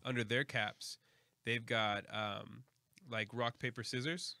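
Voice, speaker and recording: A man in the middle pitch range with a bright, forward tone, teasing his co-hosts in a relaxed way as they taste beers. His voice is recorded close and dry, with no room sound. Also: takes it slowly, vocal fry, dry recording. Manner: teasing, relaxed, steers the talk. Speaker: podcast co-host. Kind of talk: casual chat over beers.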